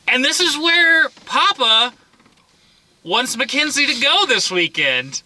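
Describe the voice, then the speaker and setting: Male co-host, casual film chat, wry and profane, very bright tone. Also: extremely high pitch, very animated. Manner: wry, profane asides and quick jokes. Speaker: movie review co-host.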